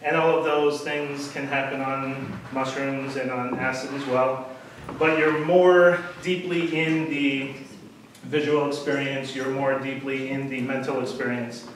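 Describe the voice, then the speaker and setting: A man's voice: medium pitch, little pitch movement, a little slow. A man giving an unprepared, rambling talk to a crowd, full of fillers and self-deprecating asides. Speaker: speaker at a storytelling event. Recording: echoey hall from far off, with noise.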